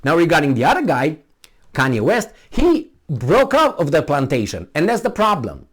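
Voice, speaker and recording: A man's voice: fairly high pitch, huge pitch swings, moderate pace, a bit bright, husky. A man speaking English as a second language, giving a blunt, rambling opinion monologue with frequent restarts and swearing. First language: not English. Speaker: commentator.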